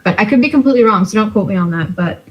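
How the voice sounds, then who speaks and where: A woman's voice: medium pitch, lively intonation, very fast, dull audio. A young woman from Canada, chatting as a guest in an interview, talkative with lots of fillers and laughter. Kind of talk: casual interview chat.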